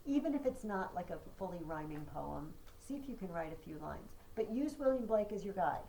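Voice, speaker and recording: A woman's voice: on the low side, animated, brisk, gravelly, warm tone, a little hiss or hum, rough recording. A woman teacher giving a chatty classroom lesson, chanting poetry rhythms aloud. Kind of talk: classroom lecture.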